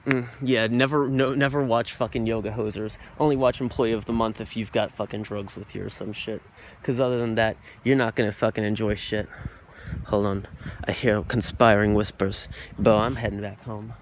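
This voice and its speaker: A man's voice: fairly low pitch, steady tone, normal speed, a little hiss or hum. A young man vlogging while walking outdoors at night, rambling in a goofy, profane way into a phone camera. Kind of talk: rambling casual monologue.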